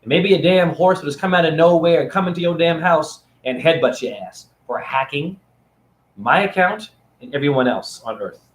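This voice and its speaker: A man ranting to camera in a rambling vlog monologue, swinging between loud outbursts and hushed asides. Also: on the high side, moderate pace. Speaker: vlogger and spiritual teacher.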